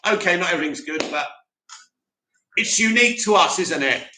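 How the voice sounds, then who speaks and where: A man's voice: high voice, animated, moderate pace, roomy sound, background noise. A young man from Bromley with a South London accent, hosting a casual live stream, reading chat comments and bantering about films. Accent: South London English. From Bromley, England. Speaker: host of a live movie news stream.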